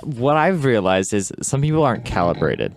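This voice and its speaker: A man's voice: mid-range voice, very animated, moderate pace, gravelly, background noise. A man hosting a podcast and chatting casually. He talks bluntly and swears freely. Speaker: podcast host. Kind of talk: casual chat.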